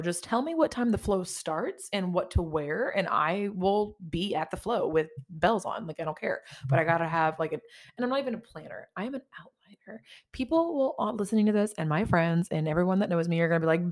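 A woman's voice: fairly low pitch, normal speed. A woman hosting a podcast in casual confessional chat, rambling and candid with lots of swearing and self-mocking asides. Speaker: podcast host.

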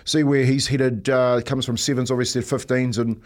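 A New Zealand man hosting breakfast radio, talking loosely and laughing through his own stories. His pitch sits in an ordinary middle range. He rambles with restarts and a friendly "mate" here and there. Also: flat delivery, normal speed. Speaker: radio host. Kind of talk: casual breakfast radio chat.

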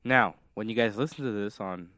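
A young man co-hosting a podcast in casual chat, laid-back and playfully deadpan. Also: lowish voice, normal speed, no room sound. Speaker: podcast co-host.

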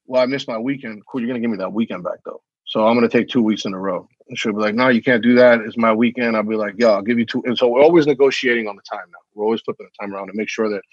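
Husky laid-back man, muffled mic. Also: on the low side, rapid-fire, no echo. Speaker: divorced father, guest. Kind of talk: casual chat.

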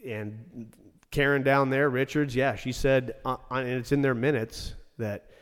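A man's voice: mid-range voice, fairly even intonation, a little slow, clean tone. Brief: outspoken ex-rink manager, a man who swears freely, recorded in a reverberant room. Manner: blunt, profane, ranting. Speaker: former ice rink general manager. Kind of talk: casual podcast chat.

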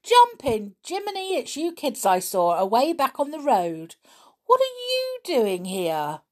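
A woman's voice: fairly low pitch, measured pace. A woman doing a cheery circus boy. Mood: excited. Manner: excitable, folksy. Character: cheery circus boy, friendly and rough-spoken.

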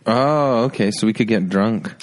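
A man's voice: fairly low pitch, normal speed, background noise. A man hosting a casual podcast chat, joking and bantering with his guest. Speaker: podcast host.

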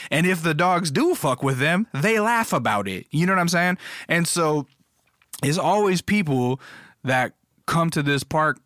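A man's voice: mid-range voice, fairly bright tone, no room sound, clean studio sound. A young man telling a story in a casual, blunt and profane rant, acting out other people's voices as he goes. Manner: profane, blunt, acts out voices in his stories.

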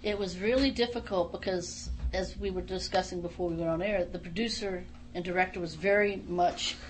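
A middle-aged woman, once a wrestler, appears as a studio guest in a casual radio interview and tells stories in an animated, emphatic way. Her voice is fairly low and fairly quick, against a noisy background.

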